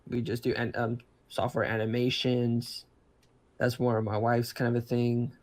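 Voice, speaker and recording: A man's voice: mid-range voice, completely flat delivery, moderate pace. A man chatting casually about laptops, rambling, with many restarts and fillers. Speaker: podcast co-host. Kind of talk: casual chat.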